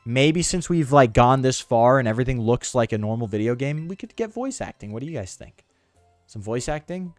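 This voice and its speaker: A man's voice: mid-range voice, animated, a little fast, no echo, faint music behind. A man streaming a game, joking and self-mocking in slangy, casual commentary. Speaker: gaming streamer.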